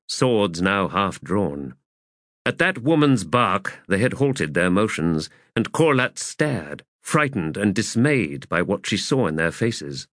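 A man reading fantasy fiction aloud as an audiobook narrator, measured and expressive. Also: low voice, no echo, studio quality.

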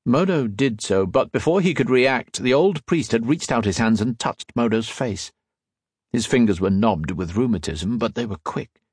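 Male audiobook narrator, husky, slow, measured, dry close recording. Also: medium pitch, expressive, a little mellow, no room sound. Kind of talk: scripted narration.

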